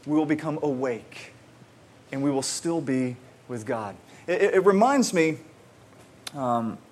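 A man preaching a conversational sermon, repeating words as he starts sentences and moving between excited emphasis and quiet, slow reflection. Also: on the high side. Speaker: pastor.

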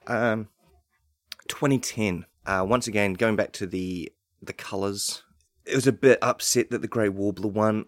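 Man, New Zealand accent, comedy podcast host, deadpan, rambling, lowish voice, dry recording. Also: no room sound. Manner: deadpan, rambling with fake facts.

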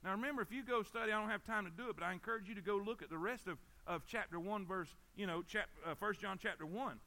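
High, bright preacher. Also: male voice, quick pace. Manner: emphatic, repetitive, calls for amens. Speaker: pastor. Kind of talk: sermon.

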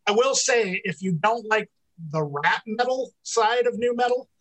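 A man co-hosting a podcast in casual chat, animated and laughing often. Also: sits high, a little slow, low-quality recording. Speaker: podcast co-host.

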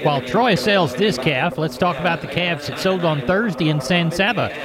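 A man's voice: on the high side, moderate pace, a loud crowd. A man hosting a farm radio segment, interviewing a guest in a friendly, folksy way.

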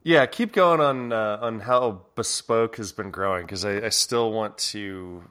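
A man's voice: lowish voice, unhurried, fairly bright tone, smooth. A man hosting a podcast, chatting casually and telling a rambling story with lots of laughs. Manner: rambling, laughs a lot, restarts. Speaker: podcast host.

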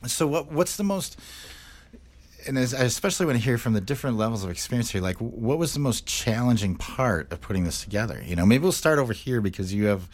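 A man's voice: medium pitch, expressive, a little fast. A man hosting a live radio interview, rambling with many fillers and laughing often.

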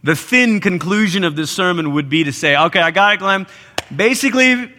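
A man delivers a sermon in a high, bright voice. He is animated and acts out quoted voices with sudden leaps in pitch, and the sound carries a long echo from a large hall. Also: a little fast. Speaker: pastor. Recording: live church hall reverb.

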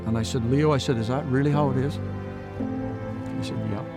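A man's voice: medium pitch, steady tone, a little fast, over loud music. A man giving an earnest personal testimony in an interview, retelling past conversations with many "I said" tags. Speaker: guest sharing his faith story.

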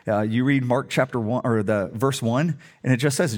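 A man's voice: mid-range voice, normal speed. A middle-aged male pastor preaching a sermon in a humorous, conversational storytelling way.

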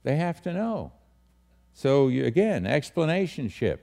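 A male pastor teaches a leadership group around a table. His voice sits at a middle pitch with a gravelly edge. He talks directly, fires questions at the group and hammers his key words. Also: sing-song, measured pace, dark tone. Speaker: pastor leading a leadership training. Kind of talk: teaching talk to a small group.

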